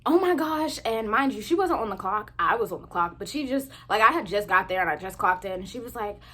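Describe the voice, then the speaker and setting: A young woman in her twenties telling casual storytime anecdotes to her viewers, chatty and animated. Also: medium pitch, quick pace. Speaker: vlogger.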